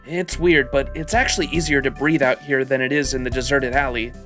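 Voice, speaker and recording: A man's voice: mid-range voice, fairly even intonation, a little fast, a bit bright, faint music behind, close to an everyday voice. A man reading the lines of a blunt, cool teenage classmate from a game, in a dry, matter-of-fact tone close to his own voice. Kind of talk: reading game dialogue aloud.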